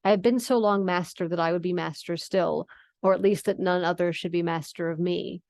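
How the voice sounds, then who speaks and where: A woman's voice: fairly low pitch, fairly even intonation, a little fast, vocal fry, a little mellow, no room sound. A woman reading the lines of a formal, aristocratic old male vampire count in a stately, archaic manner. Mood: commanding. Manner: stately, archaic read-aloud phrasing.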